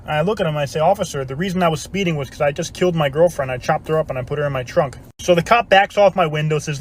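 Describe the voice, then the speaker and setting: A man telling long comedic jokes, building quickly to each punchline. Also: on the high side. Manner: fast, punchline-driven delivery. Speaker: storyteller.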